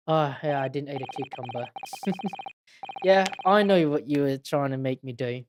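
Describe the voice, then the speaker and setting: A woman's voice: a bass voice, moderate pace, noisy background. A woman streaming a game, chatting casually and giggling often. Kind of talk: casual game-playing chat.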